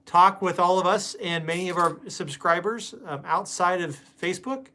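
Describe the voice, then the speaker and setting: A man's voice: sits high, moderate pace, bright, forceful tone. Chatty man hosting a live stream. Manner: chatty, greets viewers by name, rambling with fillers. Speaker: host. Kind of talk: casual live-stream chat.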